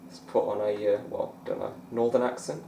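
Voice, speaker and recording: A man's voice: on the low side, level tone, moderate pace, dark tone, reverberant, a little hiss or hum. A young man chatting casually over a snooker game as a gaming YouTuber, rambling and laughing often. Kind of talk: let's-play commentary.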